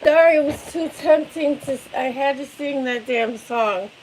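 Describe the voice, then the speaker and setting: A woman's voice: high voice, moderate pace, slight background noise, low-quality recording. A woman in her thirties, a parent chatting casually on a livestream, tired after no sleep, rambling and swearing freely. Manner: rambling, swears freely, yells playfully to wake her kid.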